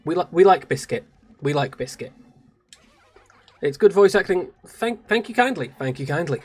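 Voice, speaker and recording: A British streamer talks casually between game scenes on a live broadcast, joking at their own expense and laughing often. The voice moves up and down a lot, with a mid-range pitch. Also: lively intonation, normal speed, darkish tone, slightly rough, soft background music. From Britain. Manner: chatty, self-mocking, laughs often.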